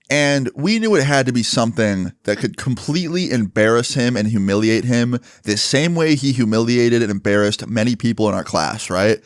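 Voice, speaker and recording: A man casually telling a story from his school days, animated and swearing freely with lots of fillers. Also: lowish voice, dry recording, clean studio sound.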